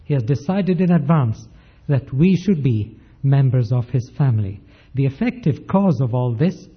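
A man preaching a sermon, slow and emphatic, with measured pauses. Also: medium pitch, lively intonation, breathy edge. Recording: dull lo-fi recording.

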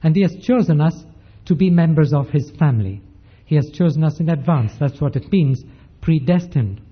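A man preaching a sermon, slow and emphatic, with measured pauses. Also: fairly high pitch, lively intonation, slightly rough. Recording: dull lo-fi recording.

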